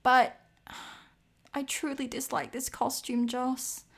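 Woman co-host, slightly high voice, chatty and laughing, casual podcast talk. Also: flat delivery, gravelly, a bit bright, slightly rough. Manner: chatty, laughing, quick asides. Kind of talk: casual chat about figure skating.

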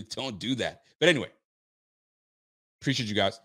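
A man's voice: medium pitch, lively intonation, a little slow, fairly bright tone. Hyped man streaming about football. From Nova Scotia, Canada. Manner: hyped, loose, repeats himself. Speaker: sports fan streamer. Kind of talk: casual livestream chat.

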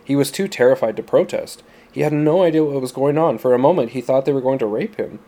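A man narrating a story in a steady, plain storytelling manner. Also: mid-range voice, fast talker. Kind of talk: audiobook narration.

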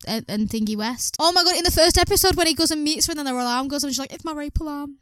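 A young English woman in casual podcast chat, her voice sitting a little high. She rambles, giggles often and swears freely. The sound is close and dry, with no room around it. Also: rapid-fire, a bit bright, no room sound. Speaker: podcast co-host.

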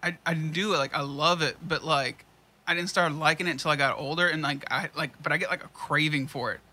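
Young male co-host, rapid speech, very bright sharp tone, profane. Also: a little high. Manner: quick, profane, animated. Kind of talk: casual chat.

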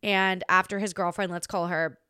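A young woman hosting a podcast, telling a story in a chatty, animated way, full of "like"s and restarts, and jumping into playful voices for quotes. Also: normal speed, smooth, no room sound, studio quality. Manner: chatty and animated, acts out quoted voices with big pitch jumps; filler-heavy, many "like"s and restarts. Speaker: podcast host. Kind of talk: casual storytelling monologue.

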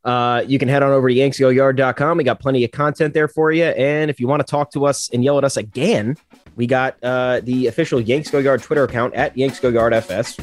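A man's voice: medium pitch, steady tone, brisk, no room sound. A man co-hosting a sports podcast, talking in a loose, laid-back, profane way. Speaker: podcast co-host. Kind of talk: casual sports podcast chat.

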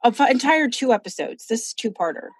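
A woman's voice: on the high side, animated, fairly quick, husky, no echo. A woman hosting a true crime podcast, chatting casually in a blunt, profane way. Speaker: podcast host telling a true crime case.

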